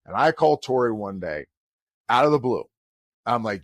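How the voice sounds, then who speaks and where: A man's voice: medium pitch, moderate pace, no room sound. A middle-aged man, a college volleyball head coach, telling a story in a podcast conversation and acting out the people he quotes. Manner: animated storyteller who acts out quoted dialogue.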